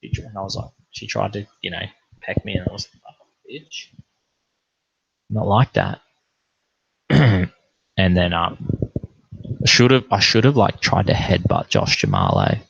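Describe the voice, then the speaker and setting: A pastor telling a profane, animated anecdote in a casual way. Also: male voice, sits low, moderate pace, creaky, long pauses, husky, no echo, dull audio. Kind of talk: casual storytelling.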